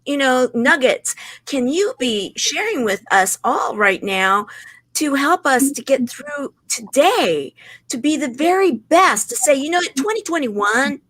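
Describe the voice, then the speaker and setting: An enthusiastic woman hosting a talk show, her voice bright and rather high. She asks long, rambling questions, and the sound is dry and close to the mic. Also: big pitch swings, measured pace, dry recording. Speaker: host.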